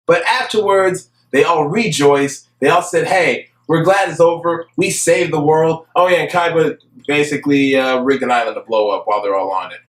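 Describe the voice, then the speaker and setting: Young male anime reviewer, higher-pitched, sarcastic and emphatic casual rant, echoey room sound. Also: a bit bright. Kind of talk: casual ranting commentary.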